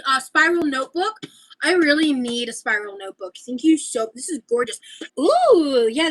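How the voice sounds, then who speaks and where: A young woman livestreaming as she opens gifts, talking in gushing, breathy exclamations full of fillers. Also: high voice, a bit bright, low-quality recording. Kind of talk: casual livestream chat.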